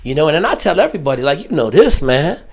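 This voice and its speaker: Animated, profane man telling war stories. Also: fairly high pitch, quick pace. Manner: profane, animated, acts out quoted dialogue. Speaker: podcast guest, former Navy SEAL. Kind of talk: casual storytelling.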